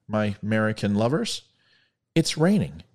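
A man telling a joke speaks as a courteous Soviet officer, greeting a couple warmly in a plain, unaccented voice. The voice stays low and swoops widely in pitch. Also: wildly swooping pitch, moderate pace. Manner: plain voice, no accent attempted.

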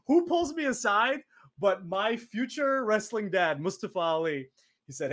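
A man in his twenties, an interview guest telling stories in a lively way, acting out quotes and laughing often. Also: high-pitched, unhurried. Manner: animated, acts out quoted voices, laughs often. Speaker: interview guest, former wrestler. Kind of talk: casual storytelling.

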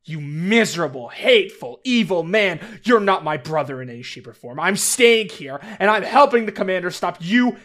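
A man voicing a furious young woman scientist, loud and spitting insults at her brother. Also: sits high, expressive, moderate pace, few pauses.

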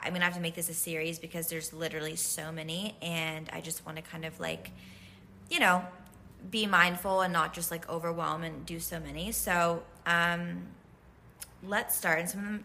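A woman chats loosely as she introduces letters from her viewers, trailing off and circling back with fillers. Her voice sits low, with a bright, forceful edge and plenty of vocal fry. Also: slight background noise. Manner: chatty, loose, full of "like" and "um". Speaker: host reading out fan love letters. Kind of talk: casual chat.

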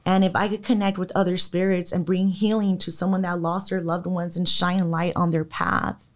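A young adult woman, a podcast guest, telling an emotional personal story in a lively way with many fillers. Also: lowish voice. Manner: animated, quickens and slows, many fillers. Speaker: podcast guest, psychic medium.

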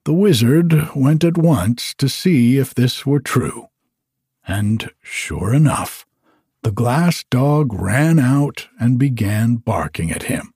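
A man narrating a storybook in a slow, measured reading. His voice is mellow and husky, and his pitch moves a lot. The recording is dry and close. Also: big pitch swings, no room sound.

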